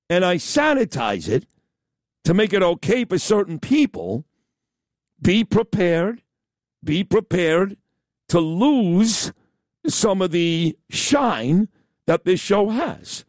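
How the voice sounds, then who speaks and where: A man's voice: sits high, very animated, slow, pauses often, dry recording, studio quality. A man hosting a radio talk show, talking in a blunt, emphatic, rambling way. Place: radio studio. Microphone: studio mic.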